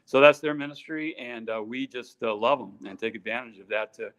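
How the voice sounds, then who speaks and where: A man's voice: medium pitch, a little fast, a bit bright. A middle-aged man co-hosting a live stream, reading out names in a casual, joking way with lots of fillers. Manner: chatty, joking, many fillers. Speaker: co-host reading out purse makers' names.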